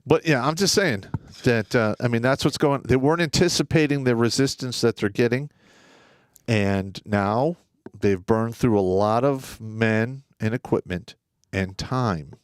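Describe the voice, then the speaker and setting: A man's voice: mid-range voice, a little slow, no room sound, clean studio sound. A man co-hosting a casual livestream, talking bluntly with swearing and stammered restarts. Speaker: livestream co-host. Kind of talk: casual political chat.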